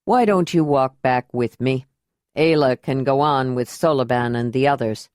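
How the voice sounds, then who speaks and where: A woman voicing a steady male leader who speaks calmly and firmly. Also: very deep voice, moderate pace, no room sound, clean studio sound, voice pushed down. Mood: concerned. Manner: calm, reasoned and commanding. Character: steady male clan leader, calm and firm.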